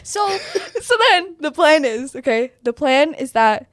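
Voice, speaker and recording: A young woman co-hosting a podcast, telling a story in a casual, animated way with frequent giggles. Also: high-pitched, unhurried, no room sound, studio quality. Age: young adult. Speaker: podcast co-host. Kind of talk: casual chat.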